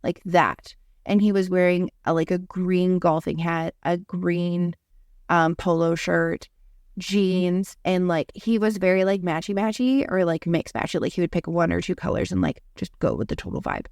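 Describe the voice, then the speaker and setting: A woman's voice: lowish voice, normal speed, a little mellow, no echo, studio quality. A young adult woman, a podcast co-host, telling a story in casual chat and filling it with lots of "like". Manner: rambling, heavy use of "like" fillers.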